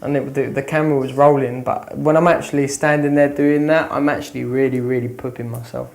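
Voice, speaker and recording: A man's voice: mid-range voice, little pitch movement, fairly quick, gravelly, a little mellow. A young man in a pop band, musing offhandedly about his career in an interview. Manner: musing, offhand, trails off with "I suppose". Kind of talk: interview talk. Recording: music playing behind. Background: faint music.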